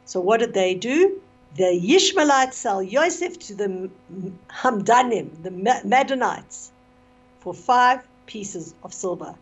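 A woman's voice: mid-range voice, takes it slowly, slightly rough, lo-fi sound. Woman telling a story on radio. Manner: expressive retelling with fillers.

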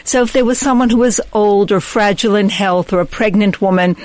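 A woman's voice: medium pitch, fairly quick, darkish tone, dry recording, low-quality recording. A woman hosting a discussion on faith and marriage, thoughtful and affirming. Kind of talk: reflective religious discussion.

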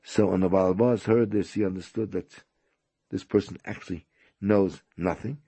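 A man's voice: sits low, fairly even intonation, moderate pace, gravelly, dark tone, breathy edge. A man, a rabbi, telling a story in a sermon, often stammering and repeating himself.

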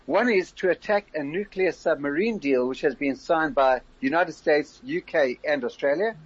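An older man, a former community leader, explaining current affairs in a measured radio interview, often restarting his sentences. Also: a little high, breathy edge, lo-fi sound.

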